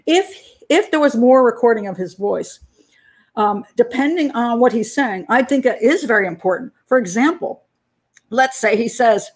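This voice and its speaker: Chatty older woman profiler, slightly high voice. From United States. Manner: chatty, laughs often, reads and answers viewer comments. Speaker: criminal profiler and channel host. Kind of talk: casual live-stream commentary.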